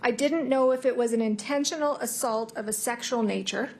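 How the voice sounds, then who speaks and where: A woman's voice: fairly high pitch, a little mellow, slight background noise. A woman attorney questioning a witness in court, reading back the account point by point. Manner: measured, repeating the witness's account.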